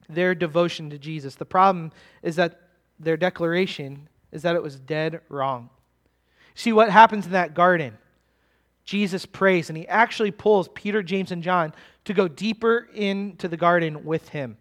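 Male pastor, high voice, emphatic sermon delivery, drawn-out stresses, chatty asides. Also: a bit bright. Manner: emphatic, slowing down to stress key words; conversational asides to the congregation.

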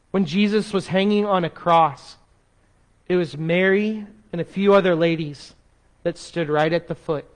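A man preaching a sermon as pastor, expressive, dropping to a soft slow voice to make a point. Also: high-pitched.

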